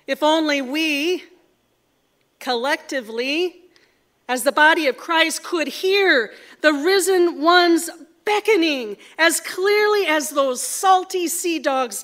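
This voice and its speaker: A woman giving a sermon, telling stories in a measured, earnest way before leading a prayer. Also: sits high, fairly bright tone. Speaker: preacher. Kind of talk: sermon with storytelling.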